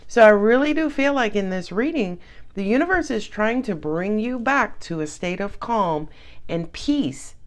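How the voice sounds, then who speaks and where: A woman's voice: medium pitch, animated, measured pace. A woman giving a casual tarot reading, chatty and sassy, with frequent laughs. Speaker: tarot reader.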